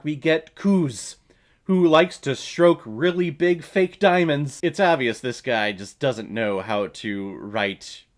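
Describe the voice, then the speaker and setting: Exasperated, profane male movie reviewer. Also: medium pitch. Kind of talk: casual film review rant.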